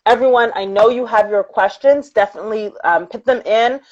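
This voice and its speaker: A woman's voice: a little high, brisk, highs cut off. A woman hosting a live-streamed interview, effusive and reading viewer comments aloud. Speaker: interview host.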